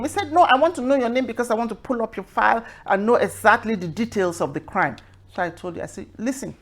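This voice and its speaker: Woman, host, animated storytelling, slow emphatic scripture reading, mid pitch. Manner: storytelling, acting out both sides of a phone call; preaching, reads scripture slowly and emphatically. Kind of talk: casual talk with a sermon-like close.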